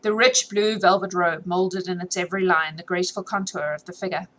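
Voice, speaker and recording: A woman's voice: on the low side, steady tone, fairly quick, fairly bright tone, slight background noise, rough recording. A woman with a sore throat reading a classic novel aloud for her followers in a chatty way, stopping to fix her slips. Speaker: reader. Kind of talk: casual read-aloud for followers.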